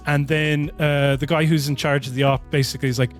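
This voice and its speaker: Rambling man with a higher voice. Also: little pitch movement, quick pace, hardly any pauses, soft background music. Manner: rambling, self-interrupting, laughs often. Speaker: podcast co-host. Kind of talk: casual film discussion.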